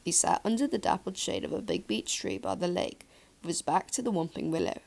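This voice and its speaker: A woman narrating a fan-fiction audiobook in a calm, steady storytelling voice. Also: fairly low pitch, brisk, creaky.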